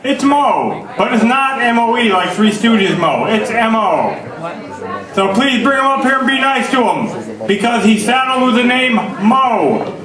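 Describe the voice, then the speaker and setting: A man emceeing a comedy night, introducing the next comic with a slow, drawn-out build-up. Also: very high-pitched, big pitch swings, distant mic. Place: comedy club. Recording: echoey club from afar with crowd.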